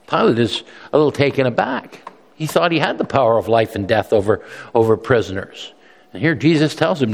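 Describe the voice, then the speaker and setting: A man's voice: mid-range voice, big pitch swings, fairly quick, vocal fry. A male pastor preaching a sermon in an earnest, emphatic way, often repeating words as he restarts. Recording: long reverb from a large hall.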